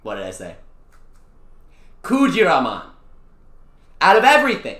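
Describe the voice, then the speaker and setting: A young-adult VTuber streamer chatting casually with viewers during a game, excitable and slangy, swinging from low mutters to loud wails. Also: measured pace, pauses often. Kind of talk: casual live-stream chat over a mobile gacha game. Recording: echoey room.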